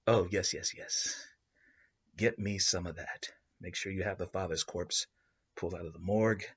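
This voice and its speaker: Man voicing a gloating corporate villain, low, soft and husky, muffled lo-fi sound. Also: fairly even intonation, moderate pace. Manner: quiet, relishing commands. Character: scheming corporate hacker boss, gloating. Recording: dull lo-fi recording.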